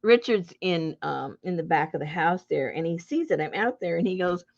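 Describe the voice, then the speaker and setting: Animated gravelly-voiced woman telling a story. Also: lowish voice, moderate pace. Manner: animated, breaks into laughter and loud acted outbursts. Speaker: junk journal crafter and channel host. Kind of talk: casual storytelling to viewers. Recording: dull lo-fi home recording.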